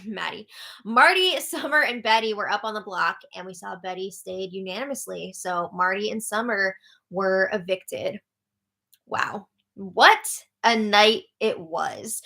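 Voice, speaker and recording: A woman's voice: fairly high pitch, sharp tone. A young woman hosting a casual live update show, chatty and tired, laughing often as she recaps. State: tired, yawning. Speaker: host.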